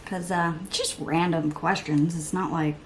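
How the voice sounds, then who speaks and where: A woman's voice: on the low side, fairly even intonation, normal speed, a little hiss or hum. A woman in her thirties chatting while doing her makeup at home, rambling and poking fun at herself, sometimes muttering or whispering asides. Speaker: beauty vlogger. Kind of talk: chatty get-ready-with-me makeup vlog.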